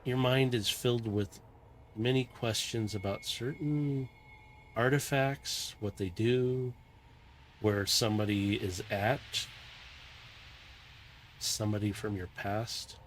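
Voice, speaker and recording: A man running a tabletop game as game master, narrating a dream scene in a calm, meandering, descriptive way. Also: fairly low pitch, slow pace, long pauses, slight background noise.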